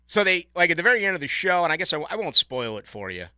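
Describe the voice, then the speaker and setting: A man hosts a late-night sports radio show, ranting in a lively, opinionated way. His voice is very bright and a touch high for a man. The studio sound is close and dry. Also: fast, no room sound. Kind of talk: casual radio chat. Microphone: studio microphone.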